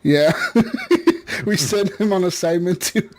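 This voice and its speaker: A man's voice: sits high, measured pace. A man hosting a gaming podcast in casual chat, joking, laughing often and swearing freely. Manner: laughing, swearing, loose and jokey. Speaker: podcast host.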